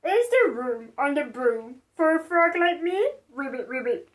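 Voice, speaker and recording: A woman voicing a polite male frog in a storybook reading, low and croaky, ribbiting as he talks. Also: lively intonation, a little slow.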